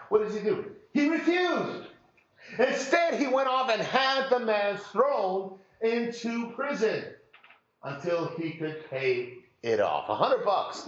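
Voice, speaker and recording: A male preacher tells a parable with a bright, high voice that rises and falls all over the place. He slips into the characters' lines with humor as he goes. The recording is muffled and carries the echo of a large room. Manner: animated storytelling, acting out quotes with humor. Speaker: pastor. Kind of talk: sermon.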